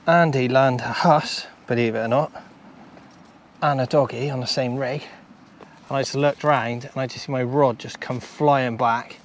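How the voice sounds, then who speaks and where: A British man giving chatty running commentary to viewers while fishing on a beach, excitable and talkative. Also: mid-range voice, slight background noise. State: out of breath. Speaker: fishing vlogger and coach. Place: outdoors on a beach. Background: faint outdoor ambience.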